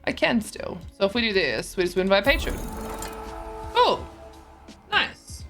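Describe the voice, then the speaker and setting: A woman's voice: medium pitch, sing-song, fairly quick, music in the background. A tired woman streaming a card game, chatting casually with her viewers, yawning and joking as she stumbles over her words. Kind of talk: casual live-stream chat while gaming.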